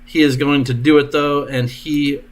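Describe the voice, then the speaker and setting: A man as dungeon master, narrating combat turns with brisk, jokey asides. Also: on the high side, little pitch movement, a little hiss or hum.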